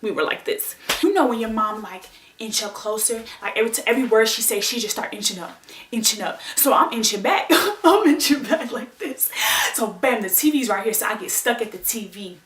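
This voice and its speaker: Woman vlogger, animated storytime delivery, roomy echoey room; casual and expressive. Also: mid-range voice, quick pace, slight background noise. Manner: lively, expressive, addresses viewers as y'all. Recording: roomy echo.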